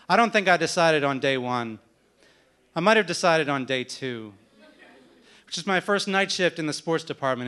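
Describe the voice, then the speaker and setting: A man's voice: fairly high pitch, sharp tone, clean tone. A man telling a wry, self-deprecating story at a live story event.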